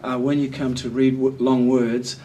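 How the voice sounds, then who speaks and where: Male tutor, mellow tone, encouraging and patient, mic set back with faint room hum. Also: medium pitch, little pitch movement, normal speed. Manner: patient, encouraging, explains step by step. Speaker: literacy tutor giving assessment feedback. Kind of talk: one-on-one feedback session. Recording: voice picked up from a distance with faint room noise.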